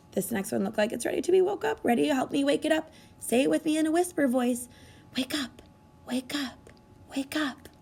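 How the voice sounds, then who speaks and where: A woman teaching a math lesson to young children, speaking in an animated sing-song way and gasping with exaggerated delight as she coaxes answers from them. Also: high-pitched, creaky. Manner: coaxing, encouraging questions to children. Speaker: kindergarten teacher.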